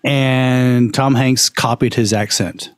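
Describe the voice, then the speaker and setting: Podcast co-host: man, mid pitch, dry close sound, trivia talker. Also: steady tone, slow, dry recording. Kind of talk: casual chat.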